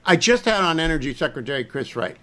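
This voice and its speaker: A man's voice: a little high, big pitch swings, quick pace, sharp tone. A man hosting a political talk radio show, emphatic and opinionated, firing off questions to his guests.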